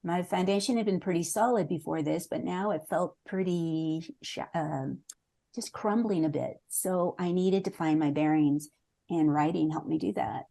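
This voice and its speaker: A woman's voice: on the low side, moderate pace, gravelly, mellow. A woman in her sixties, a memoir author answering interview questions in an earnest, reflective way, now and then restarting a sentence.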